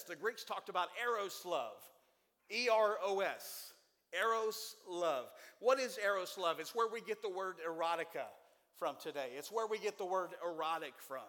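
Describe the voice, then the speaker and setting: A man in his forties preaching a sermon to a church congregation, folksy and joking, with animated delivery. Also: high voice, long reverb tail. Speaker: pastor.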